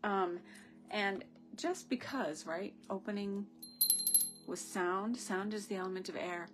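A woman's voice: medium pitch, slow, over music. A woman leading a live-streamed ritual, talking to viewers through a phone camera. She is effusive and rambling, with gushing asides. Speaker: spiritual ritual leader.

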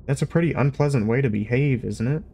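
A man's voice: medium pitch, fast, vocal fry, dark tone, breathy edge, voice pushed up. A man voicing a flustered, awkward young human man who hesitates and apologizes.

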